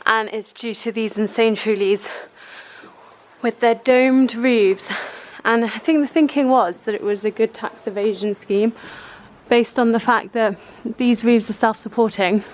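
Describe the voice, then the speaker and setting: A British woman vlogger gushes her way through a travel vlog, showing things off in bubbly, chatty tour-guide fashion. She speaks British English in a slightly high, steady, unhurried voice.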